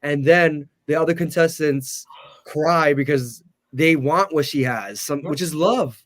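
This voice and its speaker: A man's voice: fairly high pitch, measured pace. A man in casual podcast chat who gives enthusiastic, heartfelt comments.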